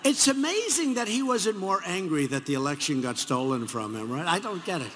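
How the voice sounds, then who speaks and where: A New York–accented politician in his seventies speaks fairly quickly in a high, very animated voice, with few pauses. His rambling rally speech in a large arena leans on repetition and mocking asides, and the sound is echoey with faint crowd noise.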